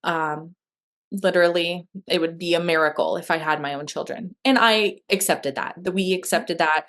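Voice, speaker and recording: A woman with a voice on the low side, a bit bright and at normal speed, shares her adoption story as a guest. Her conversational interview storytelling is candid and emotional, with lots of fillers and restarts.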